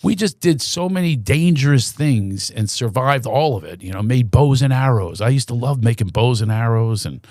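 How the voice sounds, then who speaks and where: Comedian guest, lively pitch swings, gravelly, dry close mic, casual chat. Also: male voice, moderate pace, hardly any pauses, no echo. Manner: animated storyteller who slips into voices.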